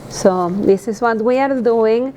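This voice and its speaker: Teacher, earnest, pausing, low hum behind. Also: female voice, dark tone. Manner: earnest, hesitant with fillers. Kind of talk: explaining to camera.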